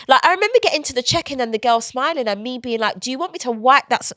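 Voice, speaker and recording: Here a woman speaks very fast in a high-pitched voice, recorded dry with studio quality. She's an author guesting on a conversational podcast, recounting personal stories candidly and acting out people's words in lively quoted asides.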